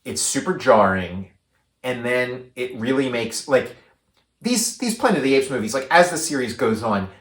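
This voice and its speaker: Man, casual podcast co-host, rambling and filler-heavy, mid-pitched, roomy echo. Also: normal speed. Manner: rambling, many likes and restarts, animated when paraphrasing. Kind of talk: casual movie discussion.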